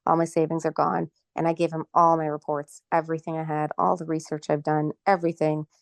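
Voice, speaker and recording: A woman's voice: sits low, level tone, brisk, gravelly, dry recording. A middle-aged woman from Canada, a guest telling her story in a casual interview, agitated and indignant.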